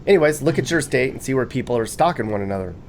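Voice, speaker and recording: A man's voice: medium pitch, lively intonation, rapid-fire, slight background noise. A man narrating a video with casual, jokey commentary, often laughing and reading quotes aloud with mock enthusiasm.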